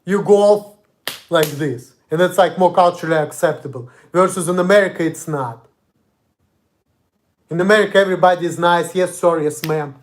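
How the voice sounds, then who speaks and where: A man's voice: high-pitched, normal speed, long pauses. A young man from Russia with a Russian accent, ranting angrily and profanely in a confrontational monologue. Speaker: vlogger. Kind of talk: angry monologue.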